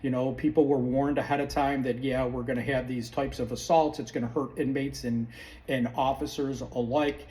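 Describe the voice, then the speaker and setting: A man's voice: medium pitch, flat delivery, moderate pace, mellow. Heated, sarcastic New man ranting. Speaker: podcast host. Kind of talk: opinion monologue. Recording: distant mic with faint room ambience.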